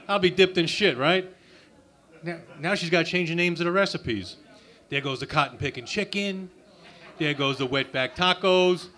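A man's voice: a little high, pushed and bright. A man doing a crude, sarcastic insult stand-up routine at an open mic night. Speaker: stand-up comic. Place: comedy club open mic.

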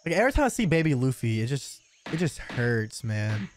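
A man in his twenties giving casual, slangy reaction commentary to an anime episode, laughing loudly and exclaiming often. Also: medium pitch, a little fast, a little hiss or hum. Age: 20s. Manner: excitable, slangy, bursts into loud laughs.

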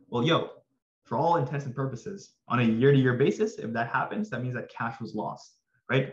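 A man walks students through a finance topic in a loose, upbeat way, tossing in slangy asides as he explains. His voice is slightly hoarse, as if he is losing it. The recording sounds roomy and a little dull. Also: mid-range voice. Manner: energetic, addresses viewers with slangy asides. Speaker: finance tutor. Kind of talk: casual exam-prep lesson.

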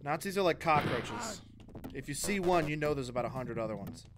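Male streamer, slightly high voice, joking gamer banter over game music. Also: lively intonation, brisk. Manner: joking, playful, swears. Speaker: streamer playing a retro shooter. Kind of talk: casual gaming chat.

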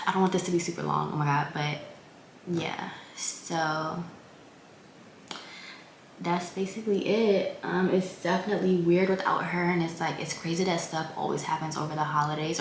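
A young woman in her twenties tells a personal story in a casual vlog, with a lowish, even voice that stays flat. She speaks softly and haltingly, circling back with restarts. The room around her is echoey, with a faint hiss underneath. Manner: halting and soft, many restarts and fillers. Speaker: vlogger.

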